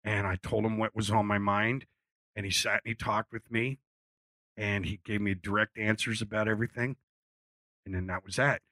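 Bright-toned man telling rambling stories. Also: fairly low pitch, level tone, normal speed, dry recording. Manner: rambling with many fillers and restarts; blunt, swears freely. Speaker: musician guest at a live Q&A. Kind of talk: casual storytelling on stage. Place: live event before an audience.

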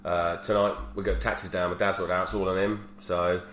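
A man's voice: low voice, little pitch movement, brisk, a bit bright. A man in his thirties, telling candid stories in casual podcast chat and swearing freely. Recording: roomy echo with faint hum.

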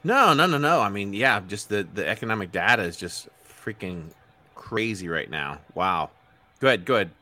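A man co-hosting a casual market show, reading out economic figures quickly with lots of uhs. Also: fairly low pitch, animated, bright, forceful tone.

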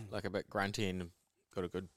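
A man's voice: low-pitched, flat delivery, normal speed, no echo. A man, talking in a laid-back, sweary way in a casual podcast chat and tagging "eh" onto his remarks. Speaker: podcast co-host.

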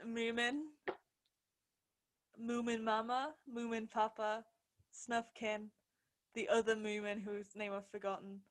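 A woman's voice: on the high side, level tone, slow, long pauses. A woman co-hosting a casual podcast chat. She is playful and teasing and laughs often. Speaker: podcast co-host.

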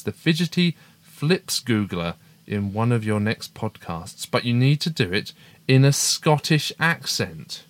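A man's voice: mid-range voice, big pitch swings, measured pace, no room sound. A middle-aged man co-hosting a casual family podcast, chatty and upbeat as he reads out listener emails. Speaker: podcast co-host, father.

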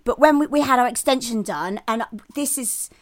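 A woman's voice: fairly high pitch, moderate pace. A woman in her fifties from England, hosting a podcast in a bubbly casual chat, laughing often and swearing freely. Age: 50s. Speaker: podcast host.

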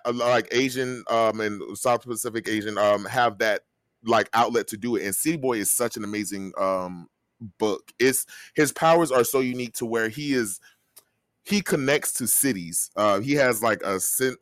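A man's voice: medium pitch, fairly bright tone, no echo, clean studio sound. A man co-hosting a podcast, chatting casually about comics in a rambling way full of fillers and restarts. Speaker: podcast co-host.

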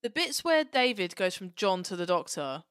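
A young Englishwoman co-hosting a podcast, chatting in an animated, sweary way and slipping into little acted-out voices. Her voice sits at a middling pitch, recorded close and dry. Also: normal speed, clean tone, dry recording. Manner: animated, swears a lot, acts out characters. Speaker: podcast co-host. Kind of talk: casual chat.

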